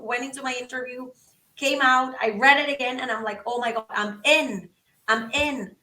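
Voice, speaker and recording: Woman, animated storyteller, bright, mic at a distance. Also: high-pitched. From Venezuela. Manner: acts out both sides of conversations, exclaims. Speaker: podcast guest. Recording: roomy, from a distance.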